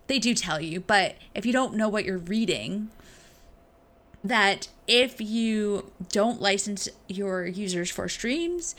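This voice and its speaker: Bright, animated woman venting about tech. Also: mid-range voice. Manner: animated, sarcastic, acts out quotes. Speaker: podcast co-host. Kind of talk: casual tech chat.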